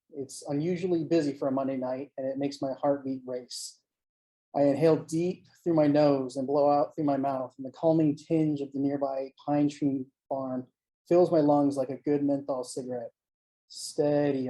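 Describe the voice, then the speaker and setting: An author giving a live online reading of a first-person short story, in a steady, measured storytelling manner. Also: medium pitch, rough recording. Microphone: home mic on a live online stream.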